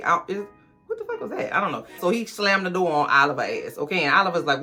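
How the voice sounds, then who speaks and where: A woman, recapping a movie in a sassy, profane, comic way and acting out characters in quick voices. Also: on the low side, sing-song, pushed and bright, faint music behind.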